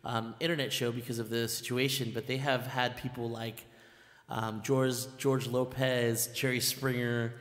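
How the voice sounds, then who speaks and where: A man hosting a band's live stream in casual chat, excitable and rambling, with lots of fillers and restarts. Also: mid-range voice, measured pace. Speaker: band leader and live stream host. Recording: echoey room with long reverb.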